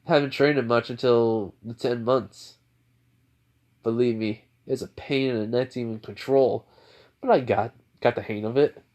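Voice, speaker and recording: A man's voice: medium pitch, steady tone, unhurried, long pauses, a little mellow, close to an everyday voice. A man voicing a cocky, sarcastic young male hero who talks with nonchalant swagger and mutters asides. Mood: casual bragging.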